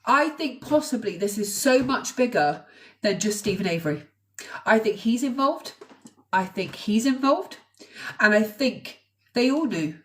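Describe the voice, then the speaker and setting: A woman's voice: a little high, expressive, a little slow, fairly bright tone, a little hiss or hum. A woman hosting a true crime livestream, talking to viewers in a conversational, hesitant way with restarts and asides. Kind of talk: casual livestream commentary. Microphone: phone on a live stream. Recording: voice a little away from the mic.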